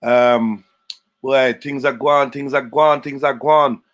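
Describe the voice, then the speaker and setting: Guy hosting a live stream, loose slangy chat, giving shout outs, middle pitched voice. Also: fairly even intonation, slow pace. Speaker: livestream host. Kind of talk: casual livestream chat.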